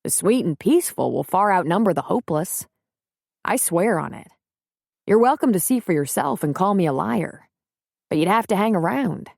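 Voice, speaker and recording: Lady reading laid-back small-town guy, calm and reassuring, bit of fry. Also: fairly low pitch, normal speed, dry recording, studio quality. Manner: steady, reassuring, easygoing. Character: rugged small-town man, calm and plainspoken.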